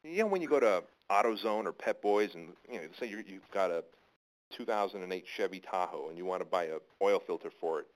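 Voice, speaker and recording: A man's voice: deep voice, animated, fast, poor audio. A man telling a long personal story as an interview guest, casual and rambling, often restarting his sentences.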